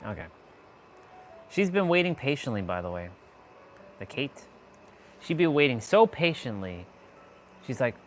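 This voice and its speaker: A man's voice: medium pitch, sing-song, unhurried, long pauses, slight background noise. A man chatting casually on a live gaming stream, playful and muttering to himself as he plays. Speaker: livestream gamer.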